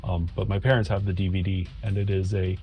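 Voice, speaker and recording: A man with a lowish voice talks casually in an easygoing way, pausing often with ums. Faint music plays under the recording. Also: little pitch movement, muffled recording. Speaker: co-host. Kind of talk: casual chat.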